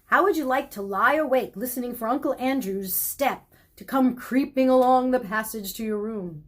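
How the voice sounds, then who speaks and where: Woman voicing young boy, upset and wound up, audiobook, higher and louder than her narration. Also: normal speed, natural voice. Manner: agitated, tearful outbursts. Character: miserable, excitable young boy.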